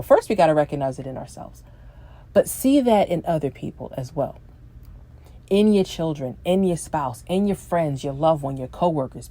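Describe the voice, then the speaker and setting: Low-voiced woman giving a faith talk. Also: dark tone. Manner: earnest, emphatic, conversational. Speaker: podcast host. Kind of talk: faith-based motivational talk.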